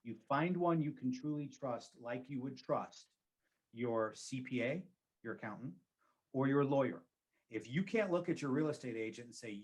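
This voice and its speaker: A man's voice: medium pitch, animated, normal speed, husky. A man who works as a real estate agent, giving advice in a conversational interview and repeating key phrases for emphasis.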